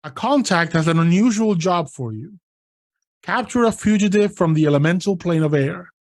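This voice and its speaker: A man narrating a tabletop role-playing game as game master, setting scenes in a deliberate way. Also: high voice, lively intonation, dry recording.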